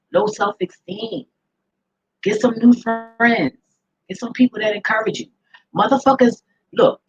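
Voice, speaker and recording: A woman's voice: lowish voice, breathy edge, no room sound, highs cut off. A woman ranting to camera in a blunt, profane way, often laughing as she talks. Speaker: vlogger. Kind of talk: casual ranting monologue to camera.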